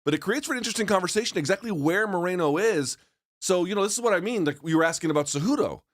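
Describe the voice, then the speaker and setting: A man co-hosting a sports talk show in a studio, chatting in an animated, talkative way and cutting in often. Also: high-pitched, very fast, no room sound. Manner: animated, chatty, talks over his co-host. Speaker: podcast co-host.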